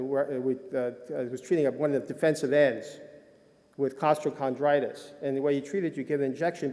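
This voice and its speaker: A man's voice: on the high side, dark tone. Rambling older man in a reverberant hall. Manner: rambling, self-deprecating, many fillers. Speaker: conference speaker, sports medicine doctor. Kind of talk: conference talk with anecdotes. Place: lecture hall.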